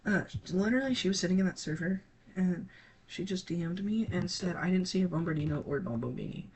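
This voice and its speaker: A teenage gaming creator talking casually to viewers, halting and scattered, with many restarts and trailing thoughts. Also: mid-range voice, a little mellow, a little hiss or hum. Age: teens. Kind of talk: casual rambling talk to viewers.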